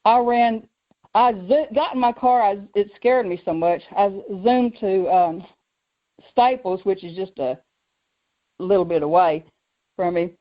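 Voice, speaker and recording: Woman storyteller, lively, muffled radio sound. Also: medium pitch, a little slow. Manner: lively, acts out quoted voices, laughs often. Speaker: radio show host telling her story. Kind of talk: personal storytelling on faith talk radio.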